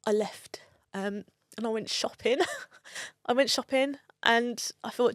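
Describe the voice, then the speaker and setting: A woman's voice: fairly high pitch, slow pace, dry recording, studio quality. A woman telling a personal story in an interview, candid and emotional and swearing freely. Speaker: guest.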